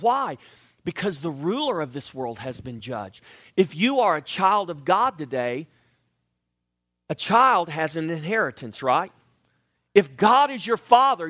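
A man preaching a sermon, animated and emphatic, sometimes dropping to a hush. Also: high voice, no room sound, studio quality. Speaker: pastor.

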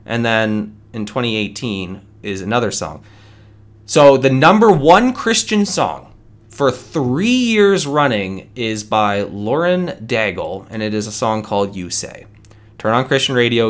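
A man hosting a solo podcast, arguing his view in an earnest, conversational way with many restarts. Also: medium pitch. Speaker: podcast host. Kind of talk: solo opinion podcast monologue.

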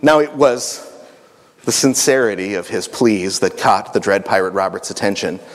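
A man's voice: lowish voice, normal speed. A man speaking at a family camp, retelling a story in a playful way with joking asides. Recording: echoey hall.

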